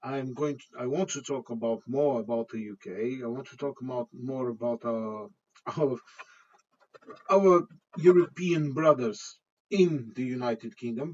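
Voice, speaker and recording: A man's voice: mid-range voice, breathy edge. Guy ranting on his channel, keeps restarting and chuckling, kinda muffled lo-fi sound. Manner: rambling, with frequent restarts and chuckles. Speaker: channel host. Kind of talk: casual opinion rant to camera.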